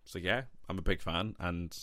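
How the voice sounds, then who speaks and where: A man's voice: low-pitched, fairly even intonation, normal speed, fairly bright tone, no room sound. A man hosting a podcast, chatting casually and hesitantly with many ums and restarts. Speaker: podcast host.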